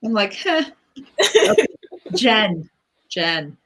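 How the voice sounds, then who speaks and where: Pulling cards on a relaxed spiritual livestream, this woman is blunt, quick to laugh and free with her swearing as she chats with viewers. She speaks slowly at a medium pitch, very animated, with a fairly bright tone.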